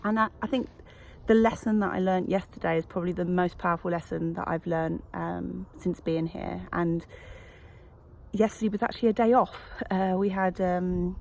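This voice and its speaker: Woman coach vlogging, low creaky voice, lots of ums, bit of hiss behind. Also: steady tone, normal speed, a little mellow. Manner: chatty, reflective, many fillers. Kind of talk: casual vlog to camera. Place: wellness retreat.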